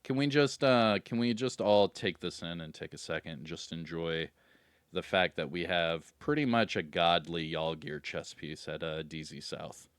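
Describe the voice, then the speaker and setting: A man's voice: sits low, normal speed, smooth, no room sound. A man hosting a gaming video, casually running through in-game vendor items and getting hyped about good loot.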